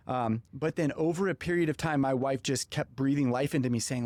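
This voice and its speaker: A man hosting a podcast, telling a personal story in an animated way and acting out the dialogue. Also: medium pitch, fairly quick, few pauses, no room sound. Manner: animated, acts out quoted dialogue. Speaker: podcast host. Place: podcast studio.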